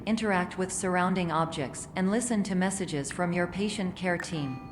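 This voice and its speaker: A woman voicing a cold female orientation AI in a game, speaking in a flat, clinical, deadpan way. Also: lowish voice, long reverb tail, lightly acted. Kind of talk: scripted game voice-over.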